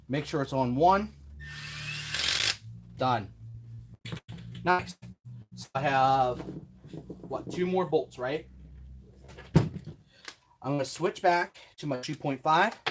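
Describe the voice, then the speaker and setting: A man's voice: a little high, background noise. A man hosting a hands-on build tutorial, chatting casually and talking himself through each step with self-deprecating asides, at a home workbench. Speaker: RC hobby tutorial host.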